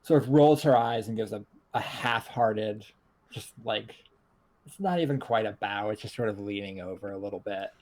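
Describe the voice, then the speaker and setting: A man's voice: on the low side, normal speed, darkish tone. A man describing his character's actions at a tabletop game, meandering and full of "like" as he goes. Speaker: player. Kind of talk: casual tabletop game play.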